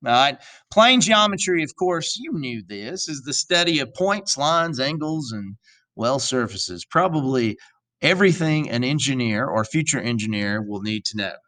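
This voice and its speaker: A male teacher giving a recorded video lecture, animated and jokey, with asides to his students and a stretch in an odd put-on accent. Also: medium pitch, normal speed. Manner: drops into an odd accent for a while.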